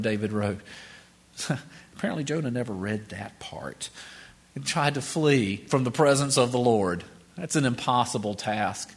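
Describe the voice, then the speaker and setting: A man preaching a sermon, reading scripture aloud and then explaining it in a conversational way with chuckles and restarts. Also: fairly high pitch.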